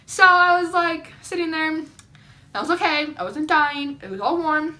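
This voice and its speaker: Young girl vlogger telling a story, super chatty and excitable, bright voice. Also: sits high, brisk. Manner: chatty, excitable, lots of "like" and dramatic quoted reactions. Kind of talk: casual storytelling to camera. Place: indoors at home, seated.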